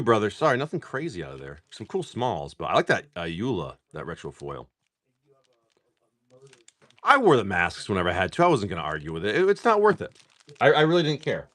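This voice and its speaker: A man's voice: deep voice, a bit bright, no room sound. A man live-streaming as he opens trading card packs. He tells a rambling story and keeps breaking off to call out card names. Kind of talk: casual live-stream chat.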